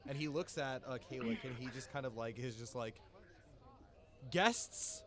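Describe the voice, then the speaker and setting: A man's voice: medium pitch, steady tone, quick pace. A man narrating as game master of a tabletop game, casual and laughing often.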